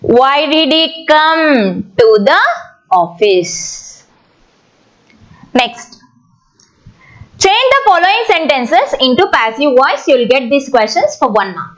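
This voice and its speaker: Slow, lively-pitched woman teaching grammar. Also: low-quality recording. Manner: slow, repetitive, stretches words when sounding out syllables. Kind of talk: exam-prep English grammar lesson.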